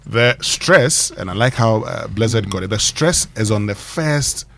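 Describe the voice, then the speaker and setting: Ghanaian male morning show host, low-ish voice, chatty and explanatory. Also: expressive, unhurried, creaky, fairly bright tone, slight background noise. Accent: Ghanaian English. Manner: explanatory, laughs often between points. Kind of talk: radio morning show chat and pronunciation segment. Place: radio studio.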